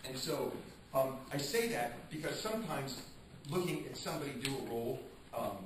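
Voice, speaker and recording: Brief: male theater actor, lively storyteller, acts out quotes; roomy, noisy recording. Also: medium pitch, normal speed. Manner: animated, acts out quotes, frequent restarts. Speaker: stage actor being interviewed. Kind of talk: casual interview storytelling. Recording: echoey room, distant mic, noisy.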